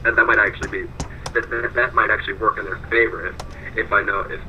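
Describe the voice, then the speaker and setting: A man's voice: lowish voice, fairly even intonation, fast talker, sharp tone, dull audio, a little hiss or hum. A male guest on a college radio show, telling stories in a rambling, casual way with many restarts. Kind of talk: casual sports chat. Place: small college radio studio.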